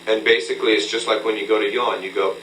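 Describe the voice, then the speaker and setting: A male vocal coach talks a student through a hands-on breathing lesson, patient and instructive. His voice sits low. The old recording is roomy and faintly humming, with the mic set some way off. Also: steady tone, fast talker, a bit bright. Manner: patient, instructive, checks in with frequent "okay?". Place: room with a mirror. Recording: roomy, distant, faint hum, old tape.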